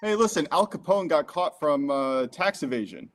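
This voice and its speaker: A man co-hosting a live betting stream in a relaxed chat. His voice sits fairly high, and he adds quick, easygoing comments with the odd laugh. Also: slight background noise. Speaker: co-host.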